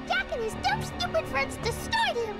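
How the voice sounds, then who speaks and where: A squealing, bratty little imp, with an extremely high voice that swoops up and down. Loud game music plays beneath the lines. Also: female voice, sing-song, normal speed, exaggerated voice.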